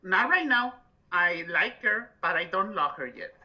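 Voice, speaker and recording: A co-host talking casually about movies, telling lively stories about family reactions. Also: medium pitch, measured pace. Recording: muffled lo-fi sound.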